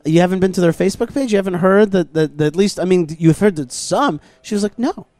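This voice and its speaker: A man hosting a talk show, telling stories in a casual, animated way with many restarts and quoted dialogue. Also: high-pitched, fast, no echo. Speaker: podcast host. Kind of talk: casual storytelling conversation. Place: outdoors at a plaza.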